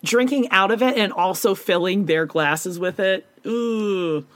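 A woman's voice: mid-range voice, expressive, moderate pace, no echo. A woman co-hosting a casual chat show, recapping a reality series with sarcastic, profane commentary and mocking impressions of the cast over a video call. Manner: sarcastic, profane, acts out quotes in exaggerated voices.

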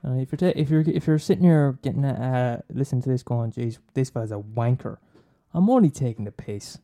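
A man's voice: medium pitch, expressive, quick pace, warm tone. An Irish man hosting a podcast, rambling in a casual monologue, swearing, laughing and teasing his listeners. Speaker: podcast host recommending films.

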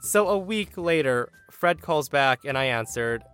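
A man's voice: on the high side, expressive, unhurried, fairly bright tone, smooth, soft background music. A man hosting a podcast, telling a story in a wry, theatrical way. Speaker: podcast host. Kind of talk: storytelling narration.

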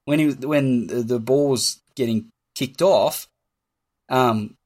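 A man's voice: mid-range voice, takes it slowly, a little mellow. A man co-hosting a casual sports podcast, telling stories with plenty of swearing and laughter. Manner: swearing, storytelling, laughs at his own tales. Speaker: podcast co-host.

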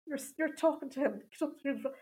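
A woman's voice: sits high, fast talker, a little mellow, a little hiss or hum, natural voice. A woman voicing a bossy, mean middle-aged nun who barks orders and picks on people. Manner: barking orders, picking on people.

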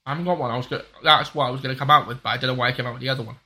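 A man's voice: mid-range voice, fairly even intonation, rapid-fire, bright, forceful tone. A man co-hosting a casual podcast, talking in a rambling way and often restarting his sentences. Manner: rambling, self-interrupting. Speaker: podcast co-host. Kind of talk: casual chat.

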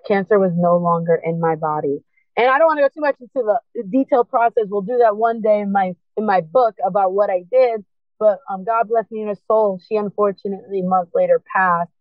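A woman's voice: medium pitch, brisk, dry recording. A woman guest telling her personal story in an earnest, impassioned way, urging listeners to keep going. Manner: earnest, impassioned, urgent encouragement. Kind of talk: emotional personal testimony. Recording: tinny phone-line sound.

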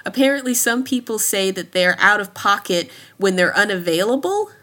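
A woman's voice: mid-range voice, animated, moderate pace, sharp tone. A woman in her thirties chatting casually as a podcast guest, laughing often between her thoughts. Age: 30s. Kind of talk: casual chat.

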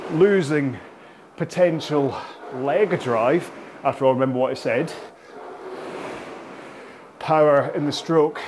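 A man's voice: on the high side, a little mellow, a little hiss or hum. A Scottish man coaching rowing technique, patient and explaining while he demonstrates on a rowing machine. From Scotland. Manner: patient, explaining, checks in with "okay?". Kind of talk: instructional workout video. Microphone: on a rowing machine, talking while demonstrating.

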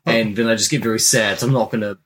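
A man on a comedy podcast, talking casually in a soft, trailing, self-deprecating way. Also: on the low side, steady tone, fast. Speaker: podcast co-host. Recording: backup recorder with faint noise.

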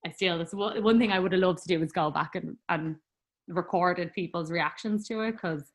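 A young adult woman with an Irish accent, a guest in an interview telling her story casually, full of fillers and quick laughs. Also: fairly low pitch. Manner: chatty, laughs often, lots of "like" fillers.

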